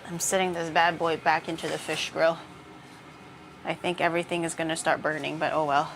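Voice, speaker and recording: A woman's voice: sits low, flat delivery, a little fast, a little hiss or hum. A woman chatting casually with viewers while she cooks on a live stream, swearing now and then. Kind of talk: casual chat while cooking. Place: home kitchen.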